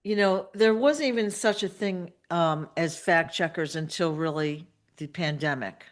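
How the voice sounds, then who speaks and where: A woman with a fairly low voice hosts a casual live-stream interview. She eagerly chimes in with short reactions and asks follow-up questions. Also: unhurried. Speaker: host.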